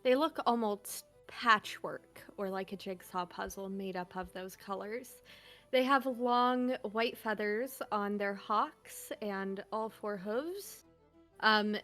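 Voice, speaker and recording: A woman's voice: mid-range voice, fairly bright tone. A woman player describing her character's actions in a tabletop game, thoughtful with many fillers and laughs.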